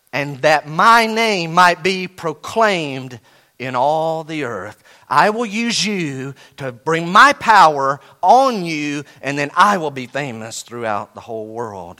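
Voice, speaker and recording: A man preaching with a bright, forceful tone, pitched a little high for a man. He swings from loud, emphatic lines to low, quiet asides, and reads scripture slowly, word by word. He talks straight to the congregation in a casual, teasing way. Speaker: pastor. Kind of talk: sermon.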